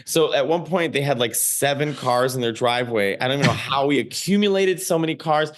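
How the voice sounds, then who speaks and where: A man in his thirties from Chicago, a comedian guest telling lively stories with casual swearing. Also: medium pitch, fairly quick, few pauses. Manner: animated storyteller, swears casually. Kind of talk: casual podcast chat.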